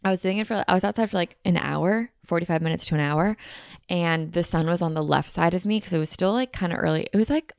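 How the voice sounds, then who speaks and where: Young woman, podcast host, bubbly rambling chat, gravelly fry, dry close sound. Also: on the low side, fast talker, no room sound. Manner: bubbly, chatty, rambling with many fillers. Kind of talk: casual chat. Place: beach house.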